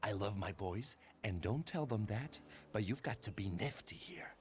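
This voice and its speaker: Game gang boss, voiced by a man: gruff, loyal, middle-aged, animated delivery. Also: lowish voice, moderate pace, slight background noise, close to an everyday voice. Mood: scheming. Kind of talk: video game voice acting.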